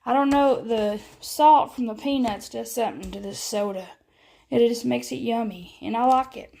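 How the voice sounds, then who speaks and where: Southern lady in her 30s just rambling at home, kinda raspy fry in her voice, says y'all a lot. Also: fairly high pitch, normal speed, mellow. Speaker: vlogger. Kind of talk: casual chat.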